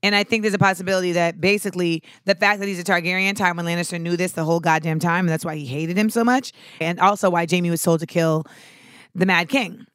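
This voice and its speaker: A young woman hosting a podcast, chatting casually and comically, swearing freely and breaking into shouts as she acts out scenes. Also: fairly low pitch, clear, resonant tone, dry recording, clean studio sound. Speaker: podcast host. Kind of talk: casual comedic monologue.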